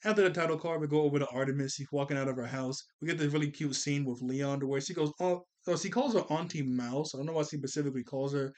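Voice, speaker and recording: A show reviewer with a fairly high, darkish voice talks quickly with barely a pause. Weary from a full day of recording, he casually meanders through a cartoon episode's plot, catching and correcting himself, and voices the characters' lines at a raised volume.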